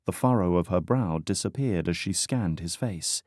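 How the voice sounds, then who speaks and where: Low-voiced male audiobook narrator. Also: normal speed, a little mellow, no room sound, studio quality. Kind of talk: scripted narration.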